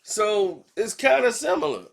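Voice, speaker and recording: Gravelly-voiced man riffing casually. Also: very high voice, a little slow. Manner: animated, slangy, acts out quotes in other voices. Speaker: commentary channel host. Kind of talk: casual commentary vlog.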